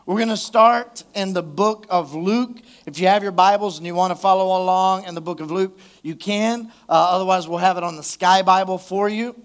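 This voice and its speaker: A male pastor with a high voice preaches a live sermon in church. He keeps it conversational and loose, checking in with the congregation and drawing responses from them. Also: moderate pace, hardly any pauses, clear, resonant tone. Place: church service.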